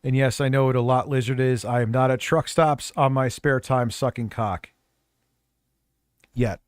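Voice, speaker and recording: A man's voice: medium pitch, steady tone, normal speed, clear, resonant tone. A man hosting a live stream, commenting on a clip in a sarcastic, crude, casual way. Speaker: streamer host.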